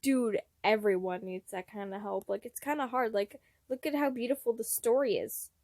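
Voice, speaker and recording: A woman's voice: on the high side, moderate pace, darkish tone, no echo, studio quality. Fields: Woman. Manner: gushing fanfiction reader. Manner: gushing, giggly asides. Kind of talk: reading fanfiction aloud with fan commentary.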